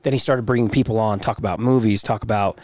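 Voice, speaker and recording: Relaxed rambling man on a podcast. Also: on the low side, quick pace, no room sound. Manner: relaxed, rambling, occasional swearing. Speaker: podcast host. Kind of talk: casual podcast chat.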